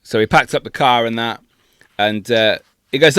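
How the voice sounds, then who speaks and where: A man's voice: mid-range voice, a little fast, a bit bright, clear, resonant tone, no room sound, studio quality. A young adult man, a podcast co-host, telling a long anecdote in casual chat, full of swearing.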